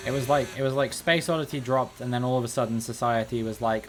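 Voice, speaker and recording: A man's voice: mid-range voice, steady tone, quick pace, noisy background. A man streaming live, giving casual, joking commentary while he plays, with rambling sarcastic asides.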